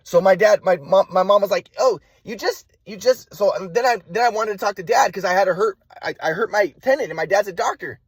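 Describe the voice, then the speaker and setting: A young man with a cold, telling a rambling personal story with halting restarts. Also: high-pitched, husky, dry recording. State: has a cold. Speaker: vlogger.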